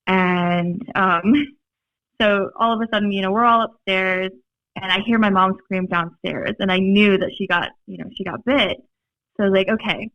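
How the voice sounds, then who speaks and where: A young woman with a Minnesota accent, a podcast guest telling stories in a rambling, animated way, full of fillers and laughs. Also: medium pitch, normal speed, no room sound. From Minnesota, USA. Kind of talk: casual storytelling chat. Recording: dry, slightly dull podcast audio.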